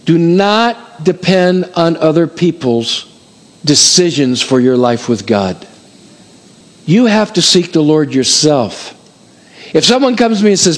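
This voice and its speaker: Male pastor in church, voice on the higher side; energetic, emphatic preaching that slows down to stress key points. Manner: animated, counts up the years like an auctioneer. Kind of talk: sermon.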